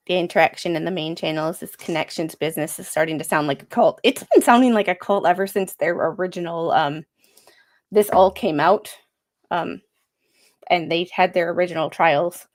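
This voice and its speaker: A woman's voice: lowish voice, normal speed. Chatty woman reading a lawsuit. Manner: chatty, sarcastic asides, frequent fillers. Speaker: livestream host. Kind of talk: casual livestream, reading a court filing aloud.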